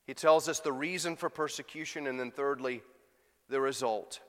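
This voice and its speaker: A man preaching a sermon as pastor, swinging from quiet asides to emphatic, loud peaks. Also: medium pitch, moderate pace, big-room sound.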